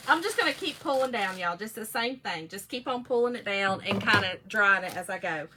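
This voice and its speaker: A woman's voice: mid-range voice, animated, a little fast, hardly any pauses, background noise. A woman, telling a funny story in a casual vlog chat, laughing often and saying "y'all" a lot. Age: 40s. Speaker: vlogger.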